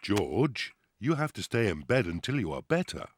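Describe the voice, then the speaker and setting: A man's voice: lowish voice, sing-song, moderate pace, background noise. A man voicing an easygoing, cheerful father pig in a cartoon. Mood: reassuring. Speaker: father character. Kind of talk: cartoon voice acting.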